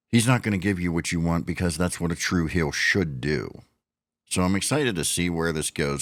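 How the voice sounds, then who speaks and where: Deep-voiced male podcast host in his forties, blunt and chatty, dry close sound. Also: no echo. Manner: blunt, conversational, recaps events with quoted lines. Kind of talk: casual wrestling commentary.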